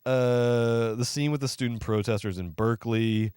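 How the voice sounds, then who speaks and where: A man's voice: medium pitch, normal speed, slight background noise. A man co-hosting a film podcast, talking casually and sarcastically with lots of fillers, acting out lines from the film. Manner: animated, acts out quoted lines in funny voices. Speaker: podcast co-host, film reviewer. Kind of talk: casual chat.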